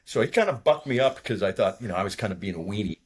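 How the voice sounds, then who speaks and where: A man's voice: fairly low pitch, animated, slightly rough. A man in his sixties from near Boston, a retired fighter pilot telling a war story in casual, profane, rambling talk. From from near Boston, USA. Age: 60s. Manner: rambling, profane, talks fast when nervous.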